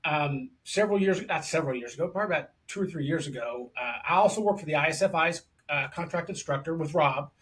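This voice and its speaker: A man's voice: on the high side, expressive, fast, few pauses, a bit bright. A man hosting an interview podcast, chatty and enthusiastic, talking casually to his guest and calling him brother. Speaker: podcast host.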